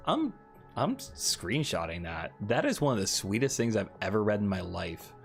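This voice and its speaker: A young man hosting a casual live stream, chatting with viewers and answering their comments, often jumping into high excited squeals. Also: normal speed, vocal fry, faint music behind. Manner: animated, jumps into high excited squeals and laughs.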